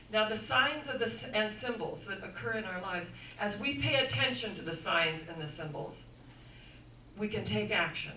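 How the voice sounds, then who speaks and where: A woman giving an inspirational sermon-style talk, telling stories dramatically and swinging from hushed to loud. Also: mid-range voice, expressive, normal speed, a little hiss or hum. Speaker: inspirational speaker. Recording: echoey room, voice from far off.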